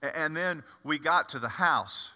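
A man's voice: a little high, a little slow, pushed and bright. A man performing a first-person monologue as the apostle Peter, a blunt and impetuous fisherman, with chatty, confiding asides to the audience. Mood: storytelling. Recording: echoey hall.

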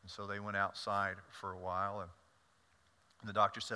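Bright-voiced pastor preaching in a reverberant church. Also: male voice, fairly low pitch, a little fast, long pauses, clear, resonant tone. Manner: animated storytelling with frequent stammered repeats. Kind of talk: sermon. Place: church sanctuary.

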